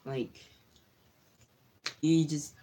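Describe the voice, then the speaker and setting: A woman's voice: sits low, steady tone, very slow, dark tone, slight background noise. A woman co-hosting a casual livestream chat, telling rambling stories with frequent giggles and restarts. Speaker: co-host.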